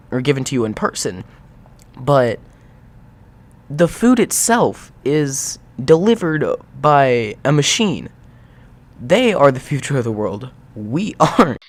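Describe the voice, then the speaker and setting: A young man in exasperated, sarcastic reaction commentary, swearing freely as he rants. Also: a little high.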